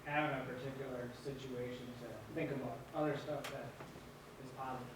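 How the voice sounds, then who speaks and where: A man in a class giving a quiet, hesitant answer. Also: medium pitch, level tone, brisk, background noise. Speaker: class participant. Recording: echoey room from far off.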